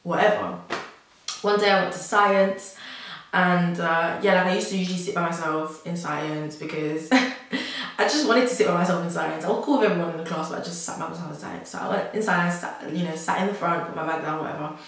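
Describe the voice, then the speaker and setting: A woman's voice: fairly low pitch, brisk, a bit bright. A young woman tells a personal story to camera in a chatty, rambling way, full of "like" and nervous laughs. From South London. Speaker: vlogger. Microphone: camera mic. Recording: very echoey room.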